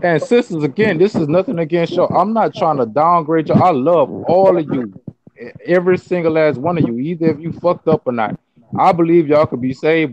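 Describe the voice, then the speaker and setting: A man's voice: a little high, noisy background. A man speaking as a guest in a casual chat, blunt and profane, lecturing his listeners. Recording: dull lo-fi audio.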